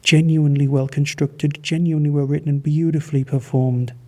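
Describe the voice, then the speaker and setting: A man's voice: fairly high pitch, flat delivery, brisk, darkish tone. A man from Manchester hosting a podcast, giving a casual, rambling and enthusiastic spoken review. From Manchester, England. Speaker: podcast host reviewing audio dramas.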